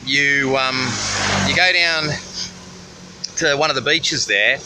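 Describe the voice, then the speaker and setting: A man's voice: mid-range voice, slow pace. Profane, rambling Australian man. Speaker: vlogger. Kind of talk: casual roadside travel vlog. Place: outdoors at a busy roadside. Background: faint passing traffic.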